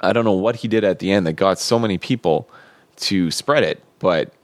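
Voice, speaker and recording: Casual male co-host, low voice, loose rambling delivery, dry close mic. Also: moderate pace, no echo. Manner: rambling, laughs while talking, swears. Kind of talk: casual chat.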